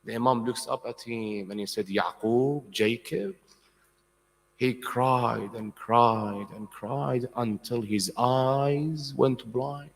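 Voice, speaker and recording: A man's voice: takes it slowly, gravelly. A man preaching a Muharram sermon, speaking with passion and asking his listeners questions directly. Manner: impassioned, rising into high emotional cries when telling tragic stories; asks the audience questions directly. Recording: long hall reverb.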